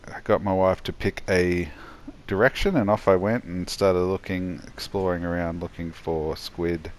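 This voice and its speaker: A tired man giving a rambling, halting voice-over commentary on his own gameplay, yawning as he goes. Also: low voice, fairly even intonation. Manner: rambling, halting, many restarts and fillers.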